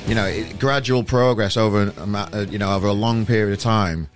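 A middle-aged man hosts a podcast in a fairly low voice, blunt and rambling, with lots of "you know" and "um". Plucked guitar music plays behind him. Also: fairly quick. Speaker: podcast host. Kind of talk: casual chat and rant.

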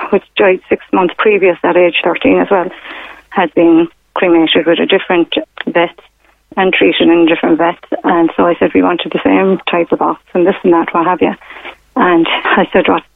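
A middle-aged woman calls in over a tinny, narrow phone line. She tells her story haltingly, leaning on fillers and retold quotes, and the line sounds dry and close. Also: on the low side, little pitch movement, gravelly, dry recording. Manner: rambling, hesitant, many fillers and retold quotes. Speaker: caller. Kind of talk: telling a personal story on a radio phone-in. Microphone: telephone.

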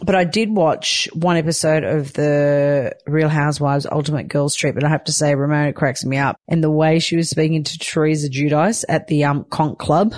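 A woman's voice: low-pitched, fairly even intonation, moderate pace, hardly any pauses, a little mellow, no echo. A sleep-deprived new mother talking candidly in a casual weekly chat, swearing lightly and laughing often. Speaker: weekly vlogger, new mother of twin boys.

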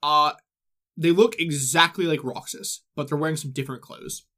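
A man hosting a casual podcast, walking friends through a game's story in a quick, loose retelling. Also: a little high, fairly even intonation, sharp tone. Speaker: host. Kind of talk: casual chat, recapping a game story.

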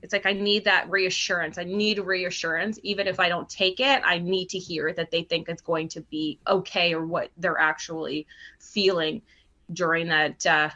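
A woman's voice: lowish voice, steady tone, normal speed, sharp tone, lo-fi sound. A woman in her thirties from Ontario, Canada, a TV news host speaking candidly as a podcast guest and acting out remembered voices. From Cambridge, Ontario, Canada. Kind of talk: casual conversation.

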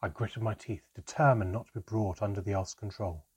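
A man narrating a first-person storybook in a measured, expressive reading. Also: fairly low pitch, husky.

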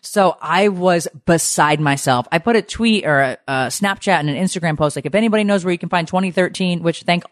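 A woman in her forties co-hosting a casual podcast, telling stories in a lively, animated way. She swears freely and leaps up in pitch whenever she quotes herself or others. The sound is dry and close. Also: brisk, few pauses, no echo. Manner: animated storyteller, swears, jumps high for quoted lines. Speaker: podcast co-host. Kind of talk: casual chat.

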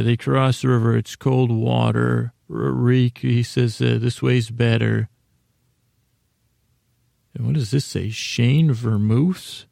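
Man with a very gravelly voice. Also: medium pitch, dark tone, dry recording, clean studio sound. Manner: rambling, self-interrupting, reading from notes. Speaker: podcast host. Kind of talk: casual episode recap.

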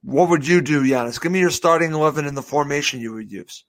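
A man's voice: fairly high pitch, quick pace. A man hosting a casual football podcast, asking his guest questions and adding brief agreements. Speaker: podcast host. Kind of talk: casual chat.

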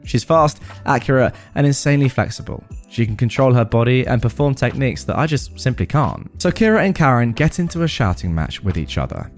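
Male podcast host reading stories, mid-pitched, hugely lively delivery, faint music under it. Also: a little fast, few pauses. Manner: expressive, animated reading. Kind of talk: reading a story aloud.

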